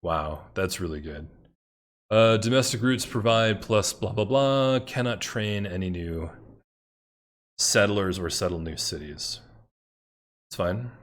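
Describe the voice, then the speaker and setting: Playing through a strategy game, a low-voiced man talks it out casually, taking his time with long pauses. He mutters, gets worked up with excitement, and curses openly when a play backfires.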